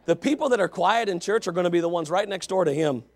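A Baptist pastor preaching a fervent sermon, swinging between quiet asides and shouts. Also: male voice, sits high, fast talker.

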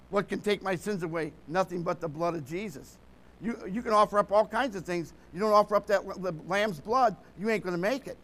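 Male preacher, high and bright, fervent, keeps checking that the church is with him. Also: normal speed. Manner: fervent, often asks the congregation to follow along. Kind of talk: sermon.

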